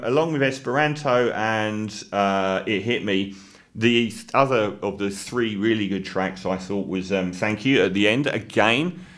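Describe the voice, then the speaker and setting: A man giving an opinionated spoken album review, often pausing with fillers and restarting sentences. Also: on the low side, a bit bright.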